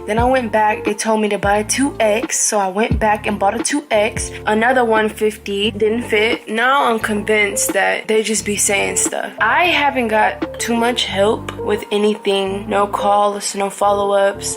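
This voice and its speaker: A woman in a casual vlog, talking bluntly and slangily and repeating her complaints. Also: medium pitch. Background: music.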